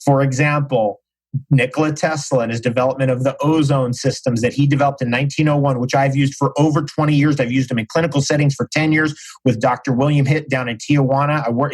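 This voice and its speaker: Husky guy talking fast and intense on a podcast, keeps hammering the same phrase, voice on the higher side. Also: rough recording. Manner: emphatic, repeats phrases for stress. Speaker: podcast guest. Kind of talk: casual interview talk.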